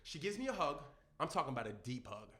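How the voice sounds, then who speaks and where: A young man from Brooklyn tells stories on a podcast. His voice is bright and pitched a little high. He gets excited and acts out everyone in the story. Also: fast talker. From Brooklyn, New York. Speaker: podcast guest, children's entertainer. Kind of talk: animated storytelling in casual chat.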